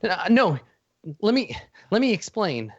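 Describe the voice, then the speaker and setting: A man's voice: sits high, lively intonation, measured pace, highs cut off, voice pushed up. A man voicing a small, furry, lovesick female creature who stammers as she pleads. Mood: pleading.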